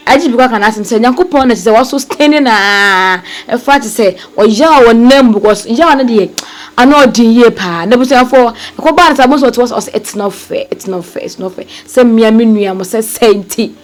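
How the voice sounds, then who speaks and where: A woman's voice: on the high side, moderate pace. A Ghanaian woman hosting an online show, talking to her viewers as family and mixing two languages. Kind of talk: commentary to viewers.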